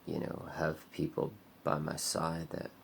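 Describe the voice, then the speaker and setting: Man vlogger with a very low, gravelly voice. He talks in a rambling, halting monologue that at times sinks to a murmur. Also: completely flat delivery, a little hiss or hum. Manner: rambling, halting, heavy on filler "like". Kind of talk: confessional monologue.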